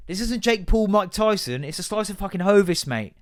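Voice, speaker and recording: A man, hosting a casual solo podcast and ranting in a sweary, sarcastic, animated way. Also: high voice, normal speed, hardly any pauses. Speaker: podcast host.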